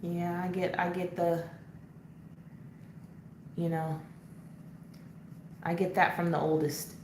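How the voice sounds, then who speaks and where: A woman's voice: lowish voice, little pitch movement, slow, darkish tone. A woman hosting a casual live coloring chat, answering viewer comments as she works and laughing often. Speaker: coloring channel host. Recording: echoey room, faint background noise.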